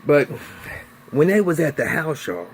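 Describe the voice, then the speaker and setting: A fairly high-pitched man speaks a little slowly over a bit of hiss or hum. As a TV recap reviewer, he breezily retells an episode with plenty of swearing and lively energy, performing the characters' lines.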